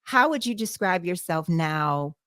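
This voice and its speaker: Low-voiced woman podcast host. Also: lively intonation, unhurried, a bit bright, no echo, clean studio sound. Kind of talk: casual interview.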